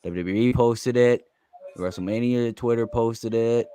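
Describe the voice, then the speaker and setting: Excitable man hosting a wrestling watch party. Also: medium pitch, clean tone, no room sound. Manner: excitable, swears, quick exclamations. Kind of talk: casual live reaction chat.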